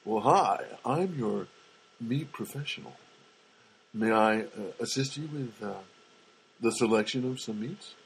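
A man putting on a low, crooning voice as a suggestive supermarket butcher. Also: animated, measured pace, gravelly, pauses often, slight background noise, rough recording.

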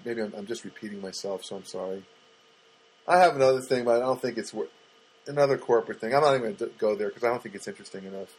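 A middle-aged man hosting a podcast, rambling through a comic monologue with halting restarts and dry, self-mocking jokes. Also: mid-range voice, breathy edge, low-quality recording. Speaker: podcast host.

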